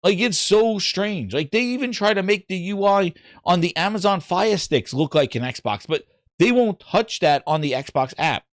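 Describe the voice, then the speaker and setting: Animated, exasperated male podcast host. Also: sits high, moderate pace, dry recording, studio quality. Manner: animated, rambling, exasperated, with frequent restarts. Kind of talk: casual ranting chat.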